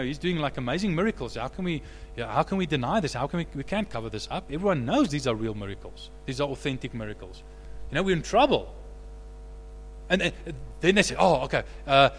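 A male pastor preaches with animated energy, building to loud, emphatic peaks. His voice sits fairly high and rings out with the long echo of a church hall. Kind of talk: sermon.

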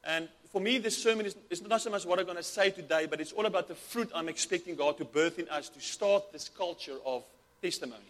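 A high-pitched male pastor preaching a sermon with fervent energy. He stumbles and repeats himself as he goes, in an earnest, heartfelt delivery. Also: quick pace, a bit bright. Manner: fervent, repetitive, many restarts.

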